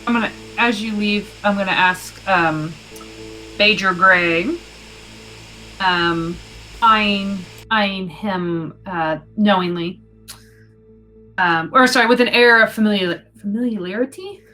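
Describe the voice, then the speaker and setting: A young woman playing a tabletop game, talking hesitantly with many pauses and restarts. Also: medium pitch, pushed and bright, soft background music, rough recording. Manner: hesitant, lots of ums and restarts. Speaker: player. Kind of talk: tabletop role-play chat.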